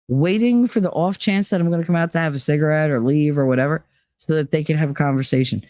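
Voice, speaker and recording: Speaking fast in a low-pitched voice, this New Jersey-accented woman hangs out on a live stream, reading chat messages and firing back blunt, lively, profanity-filled replies. There's no echo.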